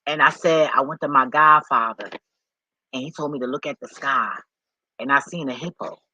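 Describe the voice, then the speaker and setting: A man talking off the cuff in a vlog, rambling and excitable, swearing often as he reads and reacts. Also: mid-range voice, moderate pace, no echo, muffled recording. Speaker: vlogger.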